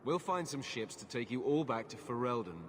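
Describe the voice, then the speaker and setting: A man's voice: mid-range voice, very animated, brisk, noisy background, close to an everyday voice. A man playing a curt, stern city guard captain. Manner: curt, dismissive.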